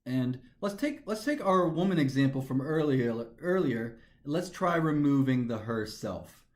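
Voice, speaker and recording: A man's voice: mid-range voice, expressive, unhurried. A man teaching a grammar lesson, methodically talking through each step aloud. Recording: echoey room.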